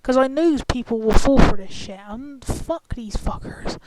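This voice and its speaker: A woman's voice: high-pitched, animated, measured pace. A woman ranting in an angry, profane, confrontational vlog commentary. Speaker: vlogger. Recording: clicky, glitchy, noisy screen-recorder audio.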